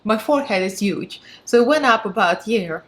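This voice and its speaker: A woman's voice: medium pitch, expressive, moderate pace, a bit bright. Woman, Russian accent, beauty vlogger, casual, sarcastic, laughs a lot. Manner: chatty, frank and sarcastic, laughs often. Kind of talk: casual product review.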